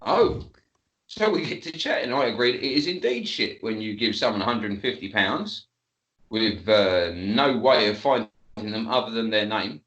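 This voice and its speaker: A man's voice: on the low side, normal speed, a bit bright, roomy sound. A man, telling a story as a guest in casual chat, laughing often and swearing freely.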